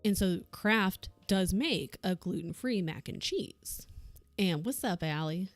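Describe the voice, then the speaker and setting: A young woman streamer rambles through a story in a low-pitched, laughing voice. Her sound is dry and close, with faint music underneath. She chats casually to her viewers while crafting. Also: lively intonation, slow pace, no room sound. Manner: laughs often, rambling anecdote with acted quotes.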